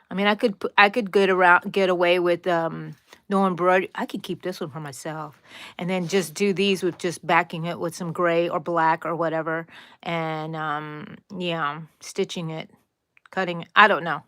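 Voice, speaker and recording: A woman's voice: on the low side, fairly bright tone, clear, resonant tone, no echo, clean studio sound. A woman hosting a crochet live stream, chatting playfully, laughing often and greeting viewers by name. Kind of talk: casual live-stream chat.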